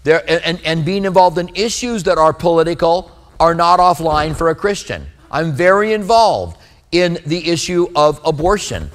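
Earnest male preacher, slightly high voice. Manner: earnest, conversational preaching with scripture readings. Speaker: pastor. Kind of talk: sermon.

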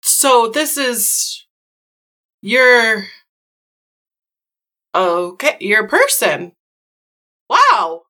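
A woman's voice: fairly high pitch, sing-song, extremely slow, long pauses, sharp tone. A woman player roleplaying her character in a tabletop game, flustered and blunt, swearing casually.

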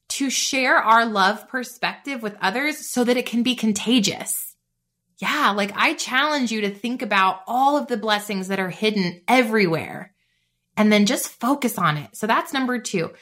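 A bubbly woman in her thirties hosts a faith-based motivational podcast. Her voice is bright and forceful and sits a little high, and she talks in a chatty, upbeat way peppered with "like.". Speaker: podcast host.

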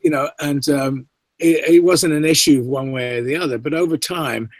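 A middle-aged Canadian man talks as a guest in a relaxed interview, his speech carrying a faint English inflection. He rambles and restarts his sentences freely, and his voice sounds dry and close, with almost no room sound. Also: on the high side, moderate pace, dry recording, rough recording. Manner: rambling, many restarts and asides. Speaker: guest actor. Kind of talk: casual interview chat.

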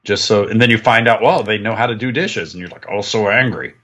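Husky man grumbling on a podcast. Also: lowish voice, a little fast, pushed and bright. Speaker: podcast co-host. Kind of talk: casual podcast chat.

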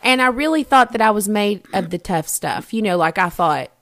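A woman in relaxed podcast chat, telling a story from her farm life and laughing often as she talks. Her pitch sits in an ordinary middle range and her storytelling is lively and unscripted. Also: normal speed. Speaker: podcast co-host. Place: rural home.

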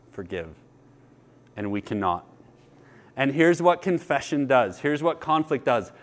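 Thirties male pastor, high voice, earnest and animated in a sermon. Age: 30s. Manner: earnest, storytelling, lively with laughter. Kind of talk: sermon with personal stories.

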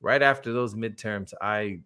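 Bright-voiced joking male podcaster. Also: fairly low pitch, unhurried, clear, resonant tone. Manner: joking, laughs often. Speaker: podcast co-host. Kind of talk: casual podcast chat.

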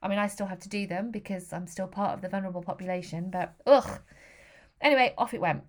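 A woman's voice: medium pitch, fast. A woman in her thirties telling a personal story in a frank, emotional way, with the odd swear word. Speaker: vlogger.

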